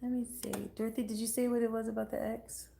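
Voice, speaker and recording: A woman's voice: on the high side, flat delivery, fast, vocal fry, dark tone, a little hiss or hum. A woman chatting casually on a livestream, blunt and profane. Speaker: livestream host.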